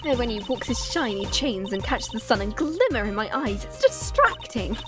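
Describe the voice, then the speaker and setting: A high, lively voice bounces through the lines of a bubbly teenage girl magician, as a woman reads her game dialogue aloud. She sounds chirpy and eager, and her pitch swoops all over. Game music plays underneath. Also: normal speed.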